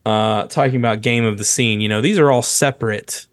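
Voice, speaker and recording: A man co-hosting a casual comedy podcast, rambling and halting, with frequent laughs. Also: medium pitch, dry recording. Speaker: podcast co-host.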